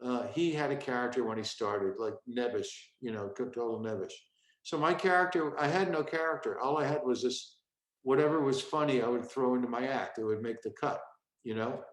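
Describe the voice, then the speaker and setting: A man's voice: mid-range voice, a little fast. Comedian in his 60s, echoey room. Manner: acts out bits of his old stand-up act mid-story. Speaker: stand-up comedian guest. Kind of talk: storytelling interview.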